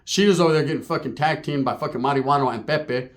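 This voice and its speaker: A man telling a comic story in a rambling, profane, animated way. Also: medium pitch, fast. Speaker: comedian storyteller.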